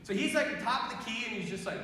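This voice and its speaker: A high-voiced young man gives an animated youth talk in a big school gym, acting out quoted voices as he tells his stories. His voice rings with heavy echo and a long reverb tail across the room. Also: very fast, slight background noise. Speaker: priest.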